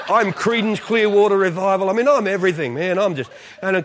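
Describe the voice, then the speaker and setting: A man's voice: high voice, a little fast. A man, a visiting preacher telling funny stories in a sermon. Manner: animated, jokey storytelling. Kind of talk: storytelling sermon. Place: church.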